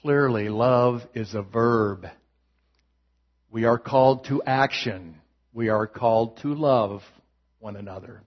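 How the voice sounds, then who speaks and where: A male pastor preaching a sermon in a slow, measured way with gentle humor. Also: mid-range voice, lo-fi sound.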